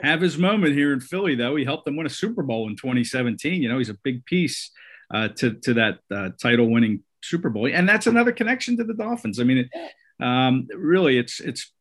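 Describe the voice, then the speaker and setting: A man's voice: mid-range voice, animated, brisk. Man, sports talk host, casual, conversational, filler words. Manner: conversational, many fillers and restarts.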